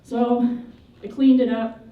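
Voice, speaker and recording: A woman giving a memorial eulogy, telling funny, lively anecdotes about the people she remembers. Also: fairly high pitch, slow, narrow, tinny audio. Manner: lively, humorous storytelling. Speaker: eulogy speaker. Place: memorial service hall. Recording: echoey hall, voice from a distance.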